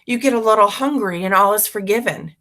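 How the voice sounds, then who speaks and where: A woman's voice: medium pitch, brisk, pushed and bright. A woman voicing a sarcastic, scolding stepmother. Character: sharp-tongued stepmother, scolding.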